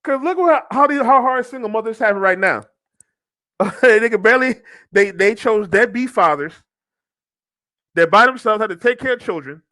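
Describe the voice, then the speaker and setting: Guy doing blunt reaction talk, laughs a lot, voice pitched high. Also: expressive, moderate pace, sharp tone. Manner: blunt, mocking, laughs often. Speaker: podcast host. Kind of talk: reaction commentary.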